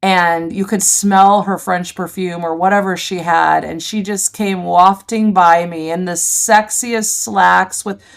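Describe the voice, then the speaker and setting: A woman in middle age, a podcast guest, tells her stories vividly and with animation. Her voice sits fairly low. It has a gravelly, fry-tinged texture. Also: unhurried, few pauses. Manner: animated, vivid storyteller, laughs easily. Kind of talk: conversational storytelling.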